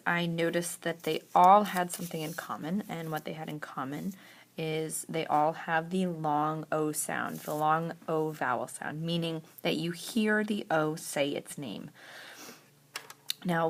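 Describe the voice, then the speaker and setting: A woman teacher walks through a recorded spelling lesson, sounding out each word slowly and carefully. Her voice sits low and has a gravelly edge. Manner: slow, deliberate word-by-word demonstration.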